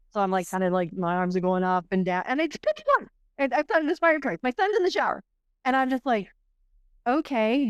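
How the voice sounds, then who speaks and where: Guesting on a podcast, a middle-aged woman rambles through a personal story, animated and full of restarts, fillers, and "like." A close mic keeps her smooth, clear, mid-pitched voice dry and present, with no echo.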